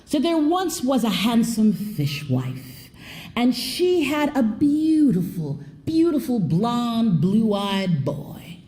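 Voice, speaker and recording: A woman telling a folk tale on stage, expressive, swooping in pitch and dropping to a hush. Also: slow pace. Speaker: storyteller. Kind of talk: live storytelling performance. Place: theater stage before an audience.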